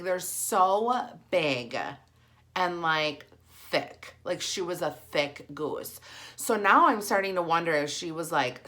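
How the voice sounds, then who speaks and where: A woman, telling a story in a chatty, animated vlog style. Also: on the low side. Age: 40s. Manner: animated, chatty, heavy use of "like". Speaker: vlogger. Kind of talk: casual storytelling while eating.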